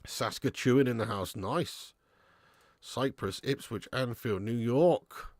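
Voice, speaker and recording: Taking it slowly, a young man commentates casually on a live football watch-along and reads chat messages aloud. He swears and shouts at players, then drops to low mutters, in a dry, studio-quality recording.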